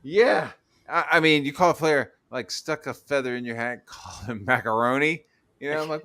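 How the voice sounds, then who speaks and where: A man hosting a loose podcast chat, crude and profane, who often breaks into laughter and mocking voices. His voice sits at an ordinary middle pitch for a man. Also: normal speed, sharp tone. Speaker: podcast host.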